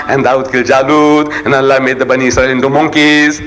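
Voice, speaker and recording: A man's voice: animated, fast, hardly any pauses, fairly bright tone, slight background noise, rough recording. An older man from South Africa giving a religious lecture to an audience, impassioned and full of rhetorical questions. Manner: impassioned, rhetorical questions, rising to high emphatic peaks. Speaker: Islamic preacher.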